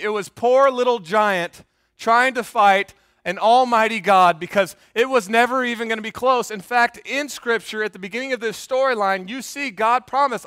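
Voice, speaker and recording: Male pastor, sermon, playful and conversational, dry close sound, high voice. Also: moderate pace, sharp tone, clean tone, no echo. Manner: joking, conversational, quizzes the congregation.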